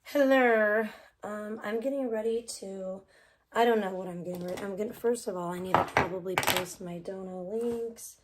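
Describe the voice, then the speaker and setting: A woman streamer talks loosely to her viewers, rambling and easily distracted, with the odd casual swear. Her voice sits at a middle pitch for a woman. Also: normal speed, a little hiss or hum. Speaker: livestreamer. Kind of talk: casual live stream chat.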